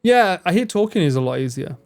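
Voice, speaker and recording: A man's voice: high-pitched, sing-song, brisk, a little mellow. A man in casual live-stream chat, rambling, swearing freely and laughing often as he answers his chat. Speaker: livestreamer.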